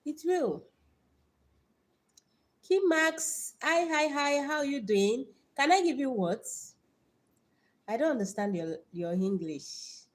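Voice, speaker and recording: Her voice sitting high, the young Nigerian livestream host moves at a slow pace with long pauses, sharing Bible verses in a motivational talk. She stays lively, doubling up on words and welcoming viewers by name in her Nigerian accent.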